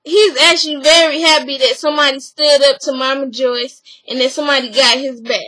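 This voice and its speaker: A woman casually retelling a story in an animated, blunt, slangy way. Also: sits high, a little fast, poor audio. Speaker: vlogger recapping a reality show.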